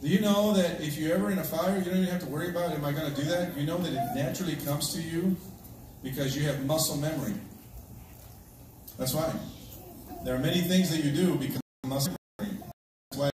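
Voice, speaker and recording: A man's voice: fairly high pitch, fast talker. A man who serves as a church elder, leading a congregation through a security drill in a conversational way and often checking in with the audience. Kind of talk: addressing a congregation. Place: large echoey church hall, indoors. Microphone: distant livestream device. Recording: very echoey, distant, noisy live stream.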